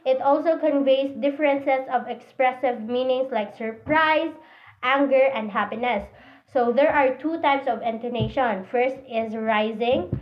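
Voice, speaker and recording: High-voiced Cebuano-accented woman lecturing. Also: measured pace. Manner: reads out definitions, starts sentences with "so", switches into Cebuano. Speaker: presenter of a phonology lesson. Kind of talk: classroom lecture. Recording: dull lo-fi recording.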